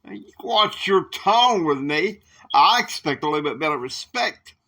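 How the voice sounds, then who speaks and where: A man's voice: medium pitch, big pitch swings, unhurried, creaky, bright, forceful tone, breathy edge, heavily acted. A man voicing a president in an amateur role-play, scolding and authoritative, and giving orders. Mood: stern. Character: impression of a stern, commanding male president.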